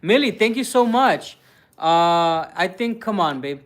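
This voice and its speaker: A man's voice: high voice, animated, a little slow, a bit bright. A man hosting a casual livestream, teasing his partner and rambling with many fillers. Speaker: vlogger host. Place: living in Russia.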